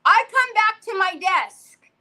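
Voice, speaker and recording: A middle-aged woman hosting a crafting livestream, telling a story with animated energy and greeting viewers by name. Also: extremely high pitch, takes it slowly, rough recording.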